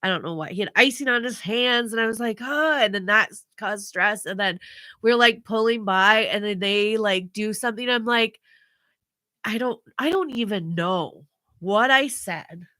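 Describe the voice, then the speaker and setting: A woman's voice: medium pitch, moderate pace, dry recording, clean studio sound. A woman, co-hosting a casual podcast chat and telling family stories, acting out voices and laughing often. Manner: animated storytelling, acts out family members' voices, laughs often. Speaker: podcast co-host.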